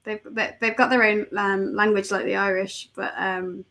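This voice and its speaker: 영국 억양의 여성이 팟캐스트 게스트로 편하게 이야기합니다. 자주 웃으며 장난스럽고 스스로를 놀리는 말투입니다. 목소리 높이는 여성으로서 보통입니다. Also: female voice, medium pitch, little pitch movement, moderate pace, sharp tone. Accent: British English. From England. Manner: giggly, playful, self-mocking. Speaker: podcast guest. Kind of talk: casual chat.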